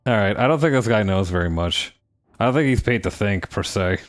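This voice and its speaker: A man's voice: fairly low pitch, fairly quick, faint music behind. Joking man narrating his game. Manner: animated, joking, laughs often. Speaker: streamer playing a role-playing video game. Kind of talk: casual let's-play commentary.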